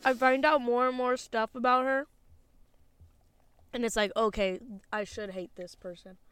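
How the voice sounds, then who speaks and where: A woman chatting casually with a friend in a parked car, blunt and teasing in a flat, offhand way. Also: on the high side, a little slow, clear, resonant tone, no room sound. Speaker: podcast co-host.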